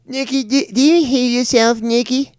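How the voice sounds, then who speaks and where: A man putting on a loud, mocking Boston-accented voice to imitate a streamer. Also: fairly even intonation, moderate pace. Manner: loud, high, mocking sing-song.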